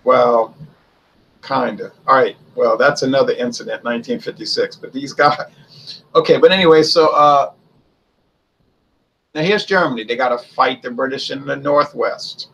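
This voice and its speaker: A man's voice: mid-range voice, normal speed, creaky, pauses often, fairly bright tone, slight background noise, rough recording. A man giving a casual spoken history commentary, chatty and conversational, asking rhetorical questions and answering them himself. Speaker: history video host.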